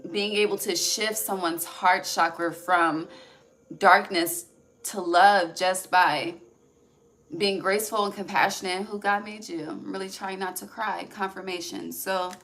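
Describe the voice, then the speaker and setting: A woman's voice: medium pitch, fairly bright tone, a little hiss or hum. A woman giving a casual, rambling tarot reading, laughing often and trailing off mid-sentence. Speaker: tarot reader.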